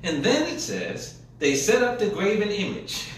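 A man's voice: high-pitched, big pitch swings, normal speed, a little hiss or hum. A man preaching a sermon, retelling scripture in casual, colloquial paraphrase, recorded in a church. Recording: echoey room from a distance.

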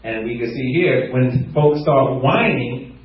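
Male preacher, scripture reading plus lively asides, distant mic in a roomy hall. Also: takes it slowly. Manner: laughs often, animated rises in pitch when stressing points; reads scripture aloud in a lower, steadier voice. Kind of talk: sermon. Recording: echoey hall, far from mic, dull sound.

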